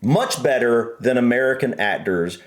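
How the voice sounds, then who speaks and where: A man co-hosting a reaction video in casual chat, animated and rambling with restarts. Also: medium pitch, moderate pace. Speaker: reaction channel co-host.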